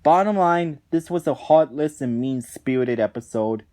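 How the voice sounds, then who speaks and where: A man's voice: mid-range voice, lively intonation, moderate pace, dark tone. A man reviewing cartoon episodes in a ranting commentary, indignant and exasperated, often restarting his sentences.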